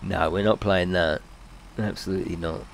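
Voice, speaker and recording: A man's voice: low-pitched, steady tone, moderate pace. A man live-streaming a video game, chatting playfully with his viewers, reading their messages aloud and laughing often.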